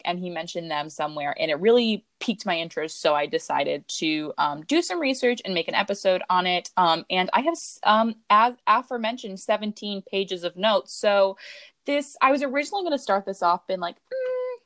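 An American woman hosting a casual podcast, chatty, with lots of fillers and quick jokes. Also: mid-range voice, expressive, fairly bright tone, no echo. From United States. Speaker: podcast host. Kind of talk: casual true-crime chat.

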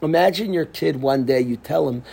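A man's voice: on the high side, moderate pace, creaky, slight background noise. A man teaching a Torah class as a rabbi, telling the story with energy, acting out the quotes and dropping Hebrew and Yiddish terms into his English. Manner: animated storyteller who acts out quotes and laughs often. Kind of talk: lively Torah class lecture.

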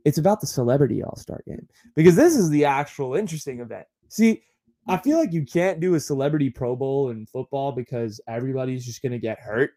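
A man's voice: mid-range voice, lively intonation, a little fast, warm tone. A man hosting a podcast in a casual, rambling monologue full of fillers and asides. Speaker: podcast host.

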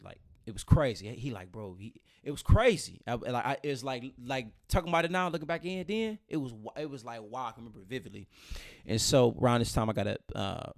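Speaking quickly at a medium pitch, this man is captured in clean studio sound without any room echo. His casual chat is a lively personal story where he voices what others said and circles back over the same phrases.

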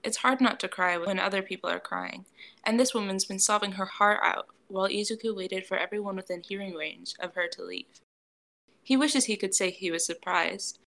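A woman reads a fan fiction story aloud in a gentle, even manner, with a gravelly, creaky edge to her voice at a middle pitch. Her delivery is steady, suited to a long audiobook. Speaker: narrator.

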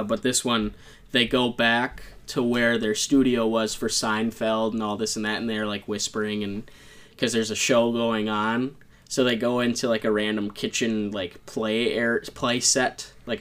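A man's voice: lowish voice, little pitch movement, normal speed, fairly bright tone. A man co-hosting a podcast, rambling in casual chat and laughing often. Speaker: podcast co-host. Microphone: podcast mic.

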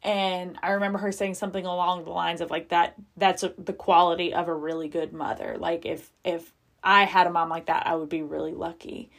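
A woman's voice: lowish voice, level tone, fairly quick, vocal fry. A woman hosting a podcast, talking frankly and confessionally with lots of casual filler and frequent swearing. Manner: chatty with many fillers. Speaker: podcast host. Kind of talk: candid personal monologue.

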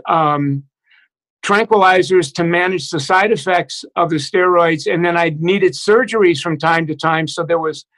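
A middle-aged man with a high-pitched voice tells his own story in conversation. He speaks haltingly and reflectively, restarting his sentences and filling pauses often. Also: a bit bright, poor audio. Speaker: guest. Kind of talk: personal recovery story in conversation.

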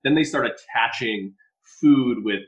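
A man's voice: medium pitch, a little slow, lo-fi sound. Loose, swearing male podcast co-host. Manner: loose, swearing, lots of "like" fillers. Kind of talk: casual podcast conversation.

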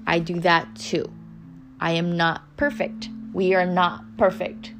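With music in the background, a young podcast host gives frank, easygoing motivation, cursing openly and repeating lines to drive points home. She speaks slowly in a fairly low voice with a flat delivery.

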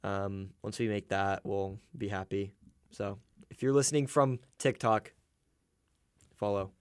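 A young man co-hosting a casual sports podcast, chatty and quick to laugh, with lots of fillers. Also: fairly low pitch, steady tone, clean tone, no echo, clean studio sound. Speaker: podcast co-host.

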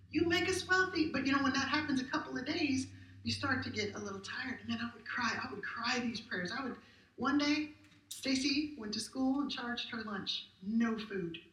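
A woman's voice: fairly high pitch, a bit bright, highs cut off. A middle-aged woman pastor giving a conversational, emphatic sermon full of rhetorical questions. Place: church sanctuary. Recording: roomy hall captured from a distance.

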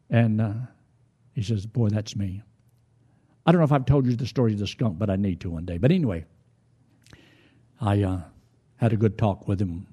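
A man's voice: on the low side, warm tone, breathy edge. An older man preaching, a pastor who retells everyday conversations in a folksy, storytelling way before turning to scripture. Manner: folksy, retells conversations in his own voice, with restarts. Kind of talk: sermon with storytelling.

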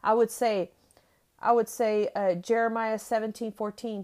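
A woman's voice: fairly high pitch, fairly even intonation, measured pace, a little mellow. A middle-aged woman giving an encouraging devotional talk, preaching with emphasis and repeating her key phrases. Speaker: Christian devotional speaker.

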